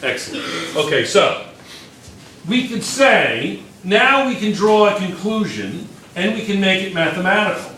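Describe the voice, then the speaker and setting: A man's voice: high voice, big pitch swings, unhurried, bright, forceful tone, echoey room, a little hiss or hum. A male chemistry teacher lecturing a classroom, firing questions at students and repeating key points.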